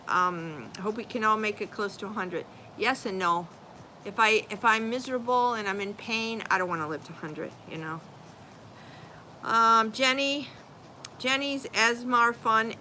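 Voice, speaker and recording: An older woman hosting a casual outdoor live stream, chatting away in a bright, clear-toned voice. She reads comments and spells out names letter by letter. Faint outdoor noise and a light breeze sit behind her. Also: mid-range voice, rough recording. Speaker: channel host reading viewer comments.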